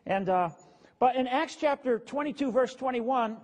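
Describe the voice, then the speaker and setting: Pastor guy, really high voice kinda breathy, preaching casual like he's just talking to folks. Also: normal speed. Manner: casual, plain-spoken preaching with asides to the congregation. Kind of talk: conversational sermon.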